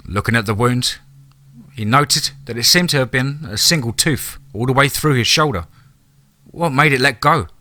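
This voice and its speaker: A man narrating a scripted horror story in a measured, dramatic way. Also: mid-range voice, bright, forceful tone, no echo.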